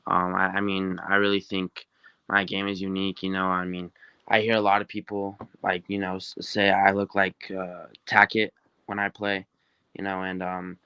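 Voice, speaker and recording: A teenage football recruit from New Mexico, answering interview questions in an upbeat, rambling way with many fillers. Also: male voice, sits low, completely flat delivery, moderate pace, pushed and bright, clear, resonant tone, dry recording. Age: teens.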